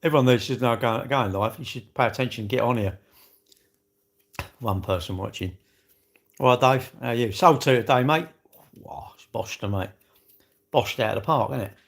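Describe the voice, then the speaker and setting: A man hosting a casual livestream talks at normal speed in a creaky, mid-range voice, pausing often. His chat is rambling and jokey, full of self-mockery, greetings and side remarks to viewers.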